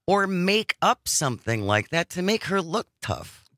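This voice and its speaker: A man co-hosts a relaxed radio talk segment, reading news items and event listings aloud. His pitch swings a lot and his tone is bright and clear. The sound is close and dry. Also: a little slow, dry recording. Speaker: radio show co-host. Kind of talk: casual radio chat.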